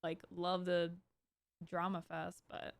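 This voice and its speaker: A woman in her thirties streaming live, talking casually in a rambling, animated way with many restarts and bursts of exasperation. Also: lowish voice, slow, gravelly, no echo. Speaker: Twitch streamer hosting her own stream. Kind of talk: casual livestream commentary.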